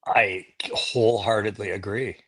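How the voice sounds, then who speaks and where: A man co-hosting a casual toy show podcast, talking in a chatty, animated way. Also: lowish voice, moderate pace, over a noisy crowd. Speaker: co-host.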